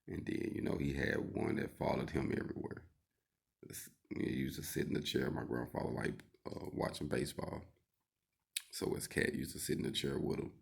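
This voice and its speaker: A man's voice: extremely low pitch, creaky. A man who teaches welding, telling a story in a laid-back, rambling way with lots of fillers. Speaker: welding instructor. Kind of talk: casual vlog storytelling.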